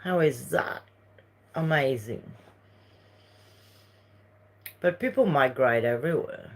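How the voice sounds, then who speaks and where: Slow-talking Uruguayan woman. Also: extremely low pitch. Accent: Uruguayan Spanish. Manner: rambling, chatty, jumps between topics. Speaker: livestream host. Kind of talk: casual livestream chat reading viewer messages.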